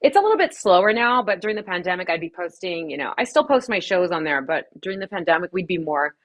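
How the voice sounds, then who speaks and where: A woman from Los Angeles talks quickly and casually as a guest on a podcast. She laughs often and swears freely as she chats about her work as a DJ and streamer. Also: on the low side, sing-song, fairly bright tone.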